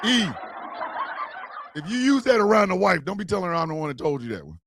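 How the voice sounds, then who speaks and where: A man hosting a podcast, loudly joking and bursting into song and laughter. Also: high-pitched, very animated, fast, long pauses, husky. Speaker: podcast host. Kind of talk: rowdy comedic podcast banter.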